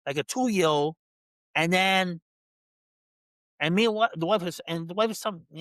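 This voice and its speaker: Brisk and a bit bright, this fairly high male voice belongs to a dog trainer telling a story as a podcast guest, recorded dry. The talk is casual, with other people's lines acted out. He restarts a lot and repeats words.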